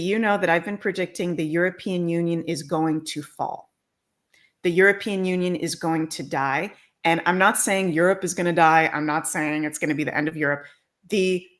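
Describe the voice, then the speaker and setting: Emphatic woman astrologer, lowish voice. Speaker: astrologer, guest. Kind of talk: casual explanatory talk.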